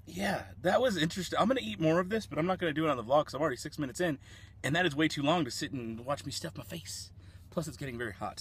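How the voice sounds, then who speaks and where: A man's voice: medium pitch, a little hiss or hum. Chatty man vlogging a food tasting. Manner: chatty, rambling, eating while talking. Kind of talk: casual food-tasting vlog. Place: fast food restaurant.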